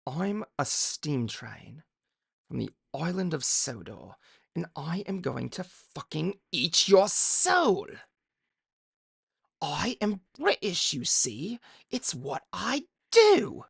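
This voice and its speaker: Brief: man putting on demonic little tank engine, mock-British, shrill and drawled, gravelly edge. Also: big pitch swings, takes it slowly, dry recording, clean studio sound, heavily acted. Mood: mock sinister. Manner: mock British voice, gleeful and profane. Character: menacing soul-eating male tank engine.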